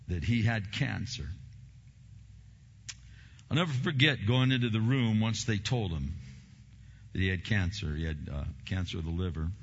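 A man's voice: fairly low pitch, lo-fi sound. A middle-aged male pastor preaching a sermon, moving from a personal story to fervent preaching.

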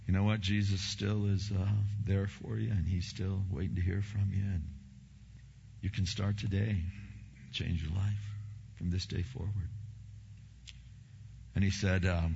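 A man's voice: deep voice, steady tone, unhurried, vocal fry, long pauses, darkish tone, highs cut off, slight background noise. A middle-aged male pastor preaching a sermon, moving from a personal story to fervent preaching.

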